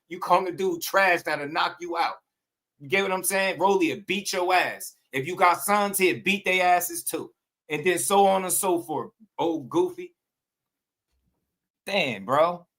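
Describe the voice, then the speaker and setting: Man, livestream host, heated mocking rant, bright forceful voice, slightly high. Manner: heated, mocking, repetitive, laughs at viewers. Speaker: boxing streamer host.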